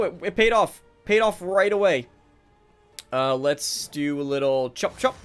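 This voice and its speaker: A man's voice: a little high, animated, a little slow, clear, resonant tone, faint music behind. A man streaming a video game live, commenting casually and talking sarcastically to the characters on screen.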